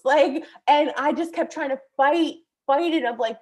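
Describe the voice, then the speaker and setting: A young woman vlogger casually recounting a frightening experience, animated and full of fillers, with some swearing. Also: high-pitched, moderate pace, hardly any pauses. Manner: breathless, animated, many fillers. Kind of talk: casual storytelling.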